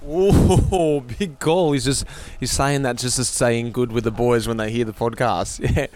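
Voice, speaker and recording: A man's voice: mid-range voice, steady tone, moderate pace. A man hosting a cycling podcast outdoors, chatting upbeat with fellow riders along the route. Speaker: podcast host. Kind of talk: casual chat while cycling.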